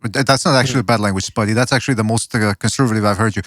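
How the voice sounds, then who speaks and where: A man's voice: lowish voice, a bit bright, dry recording, clean studio sound. A man hosting a podcast, joking and swearing in casual chat. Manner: rapid, profane, joking. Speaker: podcast host.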